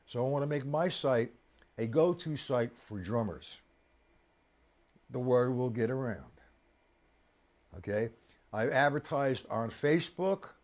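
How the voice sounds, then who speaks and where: Lively, chatty male drum teacher. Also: medium pitch. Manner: counts beats aloud with loud accented downbeats; chatty, coaxing, addresses viewers directly. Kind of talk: live-streamed drum lesson. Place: at a computer on a live stream.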